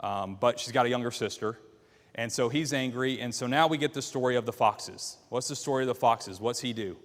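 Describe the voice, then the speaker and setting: A man's voice: medium pitch, fairly quick, in a large hall. A man teaching a Bible class, walking listeners through the story by quizzing them with questions. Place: church classroom.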